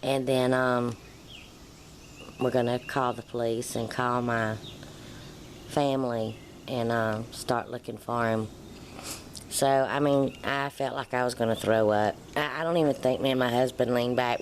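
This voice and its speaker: Woman, middle-aged, chatty vlogger, animated storytelling, acts out dialogue, faint background noise. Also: rumbling low, normal speed. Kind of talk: casual personal storytelling.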